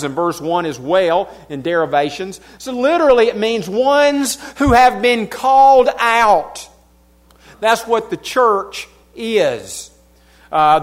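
A man with a Southern US accent teaching a Bible lesson to his congregation in a folksy way, with self-deprecating asides. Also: sits high.

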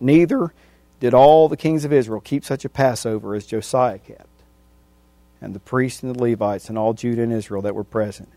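A man preaching a sermon, reading scripture verse by verse and repeating phrases for emphasis, his voice swinging from loud emphatic peaks to hushed endings. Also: mid-range voice, dry recording.

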